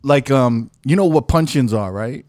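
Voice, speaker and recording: A man's voice: medium pitch, expressive, normal speed, a little mellow, dry recording, clean studio sound. A man hosting a casual chat, laughing often and swearing casually as he plays back recordings. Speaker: podcast host playing back recordings.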